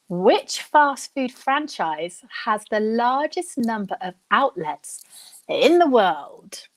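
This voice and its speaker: A young woman hosting a live online quiz, chatting and thinking out loud, reading each question slowly and then repeating it. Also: fairly high pitch. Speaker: quiz host.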